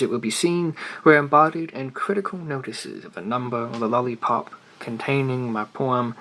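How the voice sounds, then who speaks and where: A man gives a theatrical reading of a classic story, his voice bright and forward. He swings from strong emphasis to soft asides as the sentences roll on. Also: mid-range voice, rough recording. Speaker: reader of classic stories.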